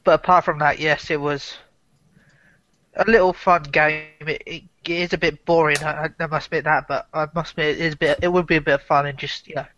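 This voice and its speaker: A man's voice: fairly high pitch, level tone, a little fast, fairly bright tone, a little hiss or hum. A man co-hosting a gaming podcast, stammering and repeating his words. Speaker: podcast co-host. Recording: dull, dry lo-fi audio.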